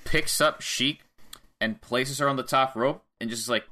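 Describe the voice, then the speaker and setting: Man co-host, bright crisp tone, loose play-by-play wrestling recap with laughs. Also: medium pitch, measured pace. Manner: laughing, acts out wrestlers' lines. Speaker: podcast co-host. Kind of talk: casual wrestling recap chat.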